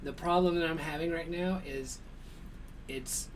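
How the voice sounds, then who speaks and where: A man's voice: fairly high pitch, steady tone, a little slow, distant mic, slight background noise. A man co-hosting a casual chat show, rambling and laughing often. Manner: laughs a lot, rambling, reads sponsor list. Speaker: co-host.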